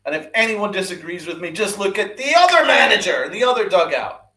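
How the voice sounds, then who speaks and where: Man angry sports podcast host, repeats and swears, big pitch swings. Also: sing-song, fairly quick, vocal fry, sharp tone. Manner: ranting, repeats himself, swears, asks rhetorical questions. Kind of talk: angry sports rant with live chat.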